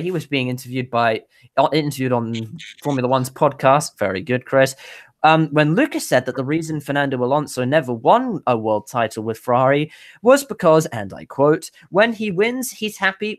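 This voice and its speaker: A woman co-hosting a casual motorsport news podcast, bubbly and rambling, often restarting her sentences. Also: low voice. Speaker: podcast co-host presenting news.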